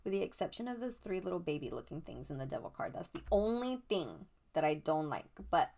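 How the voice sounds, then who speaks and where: Gushing woman with a gravelly voice. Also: on the low side, a little fast. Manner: gushing, chatty, excitable. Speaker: tarot channel host. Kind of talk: casual show-and-tell vlog.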